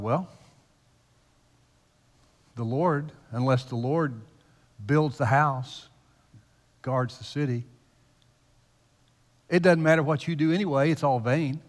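A male pastor giving a conversational, teasing sermon in a church, his voice swinging between loud emphasis and hushed asides. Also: mid-range voice, slow, long pauses. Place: church sanctuary. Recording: long reverb of a large hall.

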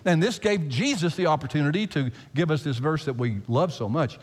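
A man preaching a sermon as pastor, emphatic and animated, repeating phrases for effect. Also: a little high, fairly quick. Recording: long hall reverb.

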